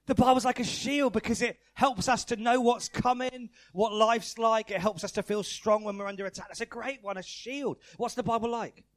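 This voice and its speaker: A man preaching a lively, playful family-service sermon in church, asking the congregation questions and calling out their answers. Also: high voice, normal speed, few pauses.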